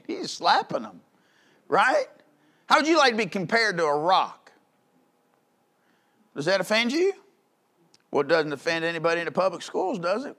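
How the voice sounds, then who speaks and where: A man preaching a sermon in a church, with folksy, conversational delivery full of rhetorical questions, building to loud calls. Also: high-pitched. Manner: rises to loud calls in the climaxes. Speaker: pastor.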